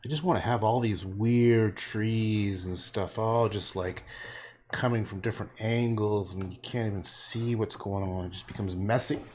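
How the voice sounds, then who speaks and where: A man's voice: fairly low pitch, moderate pace, noisy background. A man livestreaming while he paints, chatting casually in a joking, rambling way with frequent swearing. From Canada.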